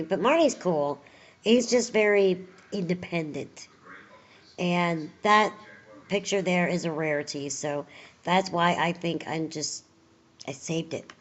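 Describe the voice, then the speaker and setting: A woman's voice: on the low side, a little slow, pauses often, lo-fi sound. A woman chatting casually in a home video update, rambling with many fillers, tired and recovering from surgery. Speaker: vlogger.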